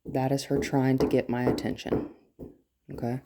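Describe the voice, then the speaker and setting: A woman's voice: rumbling low, normal speed, over loud music. A woman dog trainer giving a demonstration indoors, explaining step by step and often checking in with "right?". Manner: drops to a soft whisper to calm the dog. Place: indoors in a house.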